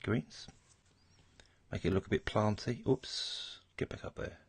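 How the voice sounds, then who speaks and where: Low, slow, husky man drawing. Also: no echo. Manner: relaxed, mutters and thinks aloud while working. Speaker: art tutorial host. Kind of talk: casual narrated drawing tutorial.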